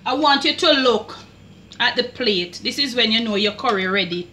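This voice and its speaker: A Jamaican woman hosting a home cooking vlog, chatting slowly with drawn-out, emphatic phrases, heard in her kitchen. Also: on the high side, animated, sharp tone, roomy sound, recorded from a distance, slight background noise, poor audio. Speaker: cooking channel host.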